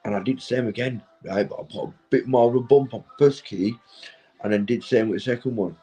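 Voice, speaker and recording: A man's voice: mid-range voice, quick pace, dark tone, faint music behind, poor audio. A young man, stoned and rambling through a sweary, casual story, checking in with his listener all the time. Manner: sweary, keeps tagging "right?" and "mate". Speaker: vlogger.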